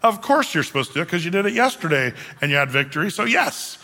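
Bright-voiced male pastor in a reverberant hall. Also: sits high, very animated, fast. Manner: casual, many fillers and restarts, acts out quoted lines. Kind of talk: conversational sermon.

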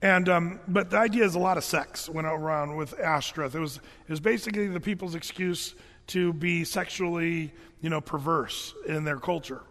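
A man's voice: fairly high pitch, normal speed, fairly bright tone, big-room sound. A man preaching a sermon in a church, conversational and jokey, with frequent restarts. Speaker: pastor. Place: church sanctuary.

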